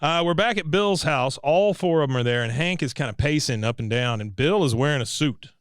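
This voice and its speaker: Man, podcast co-host, smooth clear voice, dry close mic, chatty scene-by-scene recap. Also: fairly high pitch, expressive, a little fast, dry recording. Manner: retells scenes, briefly mimicking characters. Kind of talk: casual recap chat.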